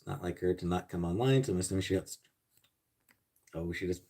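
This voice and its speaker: A man hosting a casual livestream, reading viewer comments and answering bluntly and profanely, with sarcastic jokes, sometimes muttering low and sometimes ranting loudly. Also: brisk. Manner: blunt and profane, swinging between mutters and loud rants. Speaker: livestream host.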